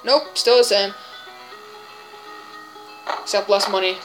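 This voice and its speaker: Woman gamer, silly put-on voice, unhurried commentary with loud exclamations over game music. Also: medium pitch. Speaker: gaming video creator. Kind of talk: gameplay commentary.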